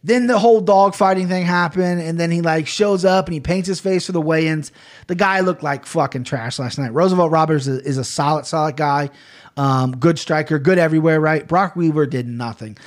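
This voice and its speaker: A man's voice: fairly high pitch, fairly quick. A man hosting a podcast, chatting casually in a rambling, profane way. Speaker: podcast host. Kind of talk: casual chat.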